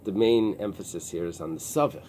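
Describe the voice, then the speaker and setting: A man teaching a Talmud class, pausing and restarting often as he explains the text. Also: lowish voice, dark tone, a little hiss or hum. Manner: explains in halting restarts with many fillers. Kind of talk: early-morning Talmud class. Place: synagogue study room with a small group.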